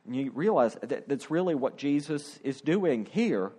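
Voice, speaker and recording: A man's voice: medium pitch, lively intonation, unhurried, few pauses, warm tone, slightly rough. A middle-aged male pastor preaching a sermon, acting out the quoted voices with drama.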